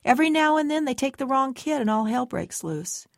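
A woman voicing a steady, patient man who poses as a store guard and tries to persuade a girl to come with him. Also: high voice, a little fast, creaky, dry recording, studio quality, pitched above the performer's own voice. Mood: urgent. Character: calm mysterious man posing as a store guard.

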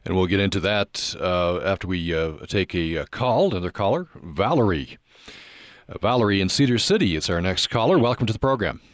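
Man, radio host, very deep, halting, dry sound. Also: animated, no room sound. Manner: halting, with many "uh" pauses. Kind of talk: radio call-in hosting.

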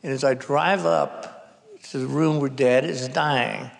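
At a live public conversation in a reverberant hall, a novelist guest in his sixties tells a wry, comic family story. He speaks slowly with fairly even intonation, a mid-range pitch, and vocal fry.

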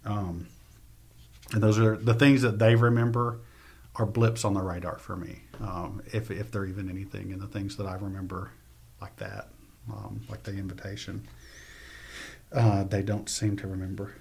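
A man reading his poetry and telling stories in an interview, soft-spoken and often trailing off. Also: fairly low pitch, normal speed, vocal fry, slight background noise. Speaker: poet and interview guest.

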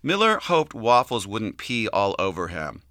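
A man narrating a novel in an expressive, varied way on a close studio mic. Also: lowish voice, a little slow, no room sound. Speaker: audiobook narrator.

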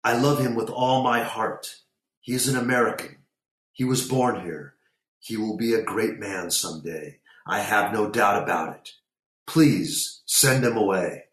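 A man reading a story aloud, voicing an anxious, excitable uncle who shouts and pleads emphatically. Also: lowish voice, measured pace, reverberant. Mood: pleading.

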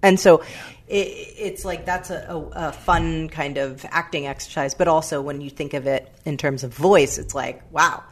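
A woman's voice: low voice, normal speed, slightly rough. A woman guest on a radio interview, talking reflectively and stopping to search for words. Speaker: guest, writer and actor.

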